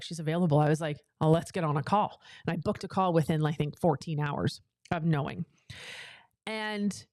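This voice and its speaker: A woman's voice: mid-range voice, darkish tone, no room sound. A woman business coach giving a motivational talk into a close microphone, with a casual, chatty manner and an emphatic, repetitive cadence. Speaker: business coach for female entrepreneurs.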